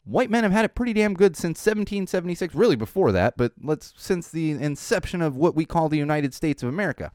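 A man's voice: on the high side, expressive, quick pace, hardly any pauses, a little mellow, no room sound, studio quality. A man hosting a podcast, ranting sarcastically in a casual opinion monologue, with restarts and laughs. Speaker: podcast host.

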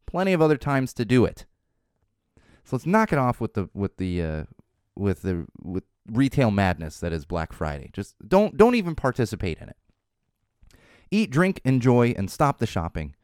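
Wry, animated man rambling casually. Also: medium pitch, normal speed, clear, resonant tone, dry recording, clean studio sound. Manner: rambling, wry, repeats words while restarting. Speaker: podcast host. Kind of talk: casual solo commentary.

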